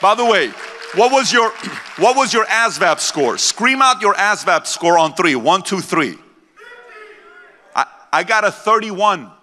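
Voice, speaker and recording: A forceful, bright-toned man in his forties, born in Iran and raised in America, delivers a motivational speech. His voice sits a little higher than most men's and carries a blunt, punchy drive. The sound rings with a long reverb from a big convention hall. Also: expressive, a little slow. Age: 40s. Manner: blunt, punchy, rallies the crowd. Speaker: motivational speaker. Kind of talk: motivational speech to a live audience. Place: large convention center hall.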